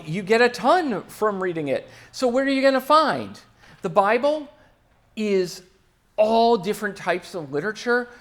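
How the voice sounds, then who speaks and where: A young man giving a casual, chatty church talk, with quick asides and frequent fillers. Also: high-pitched. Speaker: church speaker.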